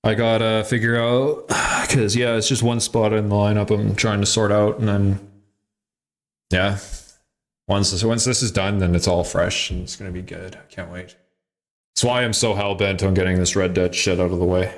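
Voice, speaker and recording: A man's voice: lowish voice, steady tone, normal speed. A man hosting a podcast in casual chat, loose and profane, laughing often. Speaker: podcast host.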